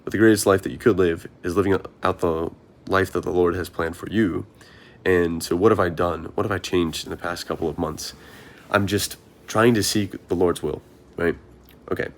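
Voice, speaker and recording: A man's voice: deep voice, fairly even intonation, normal speed. A young man, a marathon runner, talking through his thoughts in an earnest, rambling vlog monologue, often asking himself questions.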